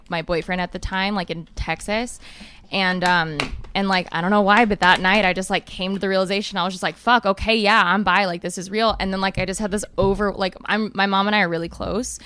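A woman's voice: mid-range voice, fairly bright tone, clear, resonant tone. A woman of twenty-three telling personal stories as a guest on a podcast, frank and full of swearing. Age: 20s. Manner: candid storytelling with lots of swearing. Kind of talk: casual podcast chat.

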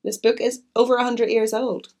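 A woman's voice: fairly high pitch, normal speed. A woman reading a classic novel aloud and adding chatty asides. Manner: expressive, chatty. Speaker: audiobook narrator.

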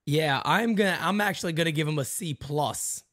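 A man's voice: a little high, normal speed, fairly bright tone, dry recording, studio quality. Blunt sports podcast co-host, man. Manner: blunt, emphatic agreement, curses casually. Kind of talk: casual sports talk.

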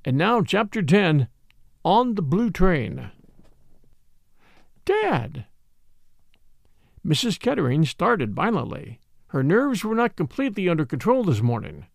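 Brief: male audiobook narrator, slightly high voice, measured and expressive, dry booth sound. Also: creaky, no echo. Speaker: audiobook reader. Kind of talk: scripted narration.

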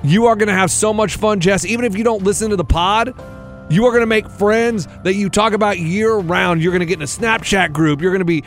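A man's voice: sits high, fairly quick, soft background music. A man co-hosting a podcast, chatting casually about sports and reading listener messages aloud. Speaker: podcast co-host.

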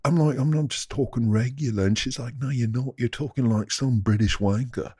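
A man co-hosting a comedy podcast, rambling with a deadpan, mock-serious manner. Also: medium pitch, a little fast, breathy edge, no room sound, studio quality. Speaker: podcast co-host. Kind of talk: casual comedic chat.

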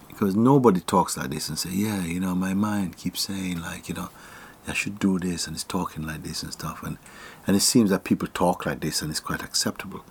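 A man from Jamaica giving a casual spiritual talk, animated and often laughing, sometimes sinking to a near whisper. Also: low-pitched, brisk, breathy edge.

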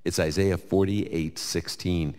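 Deep-voiced New York man in a hall. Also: slow pace. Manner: conversational, lively, quotes scripture, jokes. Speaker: Bible teacher answering audience questions. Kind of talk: live Q&A before an audience. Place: large hall with live audience.

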